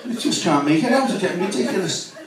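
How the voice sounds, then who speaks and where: A Liverpool-accented man working through a stand-up set, stringing jokes together with frequent "you know"s. His voice sits on the higher side and is picked up from a distance, with plenty of room echo. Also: lively intonation, a loud crowd. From Merseyside. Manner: rapid joke delivery with many "you know" fillers. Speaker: stand-up comedian. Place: club room with live audience. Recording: echoey room, distant mic.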